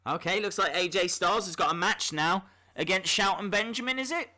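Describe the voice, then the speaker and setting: A man hosting a live stream, giving chatty reaction commentary with bursts of excitement and muttering to himself between remarks. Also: high-pitched, a little fast. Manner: mutters to himself while fiddling.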